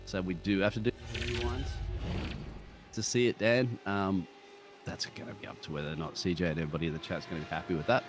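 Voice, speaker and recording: An Australian man commenting on a sim racing broadcast, joking and laughing often, with excitable jumps in pitch. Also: fast, background noise. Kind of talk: live race commentary banter.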